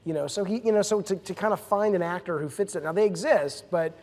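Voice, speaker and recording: An enthusiastic man with a slightly high voice, speaking as a game director on a live panel. He tells stories eagerly and often restarts his sentences. The sound carries a long hall reverb. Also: quick pace, a little mellow. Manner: enthusiastic storyteller with many restarts. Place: stage at a live event.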